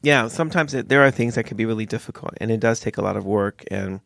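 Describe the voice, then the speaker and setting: Speaking fast in a gravelly, fairly low voice, a man chats casually as a father telling his story. He animatedly acts out the voices of those he quotes, and the recording is dry and studio-clean.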